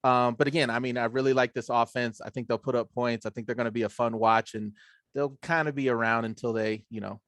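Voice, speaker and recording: A man's voice: mid-range voice, fairly even intonation, quick pace, fairly bright tone, no room sound, clean studio sound. A man as a guest on a sports talk show, chatting casually and hesitantly with many fillers. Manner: hesitant, lots of ums, laid-back. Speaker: guest analyst.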